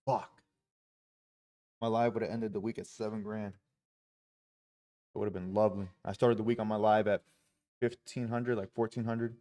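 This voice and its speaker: A man's voice: on the low side, flat delivery, normal speed, long pauses, mellow. A man live-streaming his day trading, talking through his trades with heavy swearing and frustrated outbursts.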